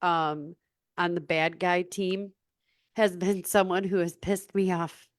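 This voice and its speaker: A woman's voice: fairly low pitch, level tone, slow pace, dry recording, studio quality. A woman author being interviewed, chatty and self-deprecating, laughing often. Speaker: author guest. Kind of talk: casual interview chat.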